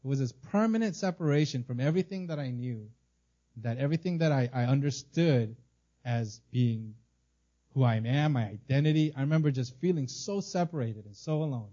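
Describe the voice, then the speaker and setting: A man's voice: mid-range voice, expressive, a little fast, warm tone, highs cut off. A middle-aged man born in Korea and raised in America, preaching an earnest, emotional sermon with frequent restarts and repeated words. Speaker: pastor.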